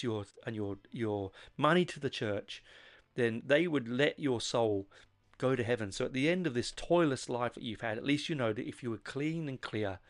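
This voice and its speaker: A man's voice: mid-range voice, no echo. A man hosting a podcast and reviewing an album in a casual way. He talks earnestly and with enthusiasm, often stopping and restarting his phrases as he searches for words.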